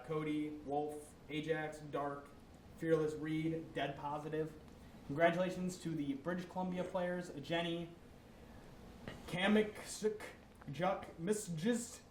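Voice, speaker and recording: A young man co-hosts a casual esports recap, rattling off player names between jokes. His voice sits a touch high. It sounds echoey, with faint background noise. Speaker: co-host.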